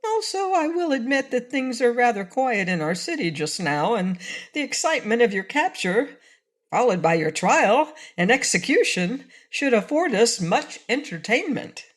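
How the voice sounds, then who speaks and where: A woman voicing a small stuffed toy bear sentry in an audiobook, squeaky, prim and pleased with himself. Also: very animated, normal speed. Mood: officious. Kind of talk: audiobook reading.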